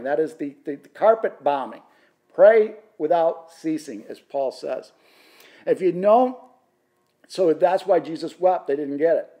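A man's voice: a little high, expressive, unhurried, warm tone. A man teaching through a Bible passage in sermon style, impassioned and rising to fervent emphasis, with frequent restarts.

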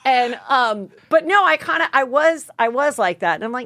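A woman's voice: a little high, normal speed, few pauses, fairly bright tone, dry recording, studio quality. A woman in her forties hosting a podcast, telling rambling stories with frequent laughs and casual swearing. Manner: rambling storyteller, swears freely, laughs often. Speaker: podcast host. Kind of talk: casual chat.

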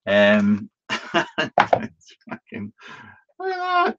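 A man's voice: lowish voice, animated, unhurried, heavy background noise. A man hosting a live Q&A video stream, chatting casually and rambling, with plenty of ums, restarts and the odd swear word. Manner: chatty and self-deprecating, swearing now and then. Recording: dull, lo-fi stream audio.

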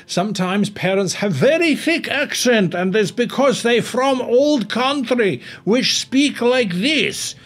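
A man voicing an old-world parent with a thick foreign accent and broken grammar, pitched well above his normal voice. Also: flat delivery, moderate pace. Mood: mock-serious.

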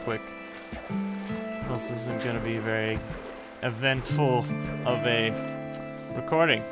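Man, gameplay commentary, unhurried self-narrating mutter, mid-pitched, loud game music underneath. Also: steady tone. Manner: chatty, narrates his own moves, mutters to himself. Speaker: gamer playing a survival game. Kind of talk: casual let's-play commentary.

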